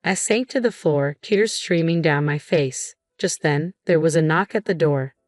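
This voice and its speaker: A woman reading a first-person story as scripted narration, in an even, steady way. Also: low-pitched, measured pace, no room sound, studio quality.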